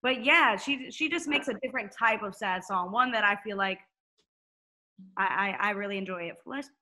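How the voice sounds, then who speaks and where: A woman with a bright, crisp voice talks as a podcast guest. She speaks frankly and with energy and swears casually. She sounds open and unguarded. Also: medium pitch, normal speed. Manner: candid, animated, swears freely. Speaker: singer-songwriter guest. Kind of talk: casual chat.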